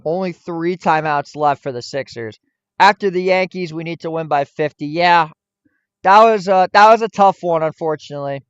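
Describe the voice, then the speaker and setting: A young man calls the game as an excitable fan, with a fairly high, smooth voice. It is a dry home recording with a slightly dull sound. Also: normal speed, no room sound. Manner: excitable, swearing fan banter. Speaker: play-by-play streamer. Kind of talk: fan play-by-play commentary.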